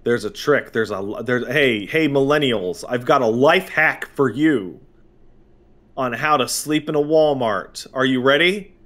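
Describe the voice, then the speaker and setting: A man's voice: medium pitch, measured pace. A man from Montreal with a Canadian accent, telling stories animatedly as a podcast host. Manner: animated, jokey storytelling. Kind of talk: casual podcast chat.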